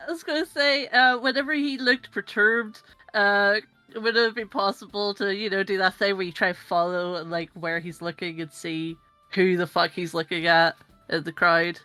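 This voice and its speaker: Casting: female player, bright forceful voice, dry close sound, eager and laughing. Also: medium pitch, moderate pace, no echo, soft background music. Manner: excitable, laughing, swears casually. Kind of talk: casual tabletop chat.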